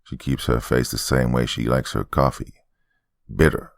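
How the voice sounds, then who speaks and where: A man's voice: very deep voice, level tone, moderate pace, gravelly, dry recording, pitched below the performer's own voice. A man voicing a cold, cutting middle-aged housewife who speaks curtly and bitterly. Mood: snide. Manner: curt and bitter.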